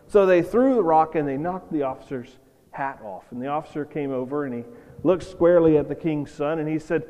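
A man's voice: fairly high pitch, brisk, dark tone. A man preaching a sermon in a conversational, storytelling way with emphatic points. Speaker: pastor. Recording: long reverb of a hall.

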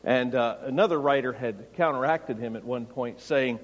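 A man preaching an expository sermon, rising to loud, emphatic peaks. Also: mid-range voice, normal speed, hardly any pauses. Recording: long hall reverb.

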